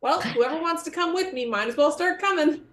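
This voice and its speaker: A woman's voice: sits high, lively intonation, brisk, a bit bright. A woman playing a tabletop game, chatting in a playful way. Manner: playful, laughs between lines. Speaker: player. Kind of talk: casual tabletop role-play. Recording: roomy echo.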